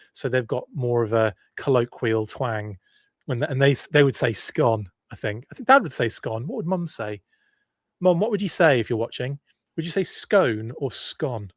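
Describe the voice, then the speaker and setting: A man's voice: mid-range voice, dry recording, clean studio sound. A well-spoken English man hosting a live stream in a rambling, chatty way, reading out viewer comments and going off on asides. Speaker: podcast host.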